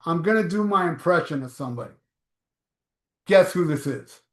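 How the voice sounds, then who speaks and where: High-pitched guy on a livestream reading chat, swears a lot, kinda echoey room. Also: lively intonation, normal speed. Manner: blunt, profane, offhand. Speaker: livestream host reading viewer comments. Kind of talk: casual live chat.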